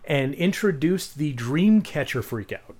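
A man co-hosting a podcast, talking casually and excitedly, swearing and restarting his sentences. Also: fairly high pitch, unhurried. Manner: animated, swears, many restarts. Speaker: podcast co-host. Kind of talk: casual chat.

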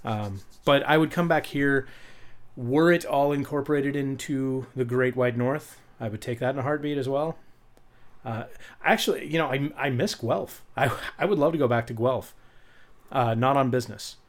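A man's voice: medium pitch, normal speed. A man co-hosting a podcast, chatting casually with a profane, joking, rambling manner. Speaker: podcast co-host.

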